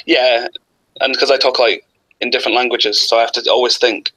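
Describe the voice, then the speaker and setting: A man's voice: medium pitch, flat delivery, a little fast, bright, forceful tone, poor audio. A man joking around as a guest on a casual podcast. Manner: joking, playful.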